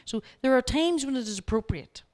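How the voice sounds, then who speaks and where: Woman telling lively workshop anecdotes. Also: high voice, fairly quick. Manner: lively anecdotes, acting out both sides of the dialogue; direct, coaching asides to the audience. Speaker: workshop speaker. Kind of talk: storytelling lecture.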